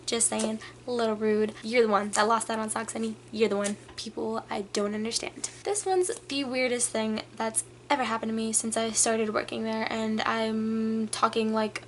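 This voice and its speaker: A young woman telling a casual storytime rant to her camera, animated and full of filler words. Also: on the high side, moderate pace, hardly any pauses, a little hiss or hum. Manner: animated, filler-heavy, many "like"s, acts out customers. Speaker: vlogger.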